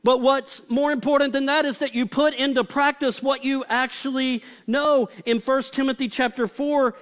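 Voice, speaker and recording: A man's voice: very high-pitched, fairly even intonation, moderate pace, a bit bright. A male pastor preaching a live sermon in a conversational, humorous way, often saying "like". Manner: conversational and humorous, with frequent filler "like".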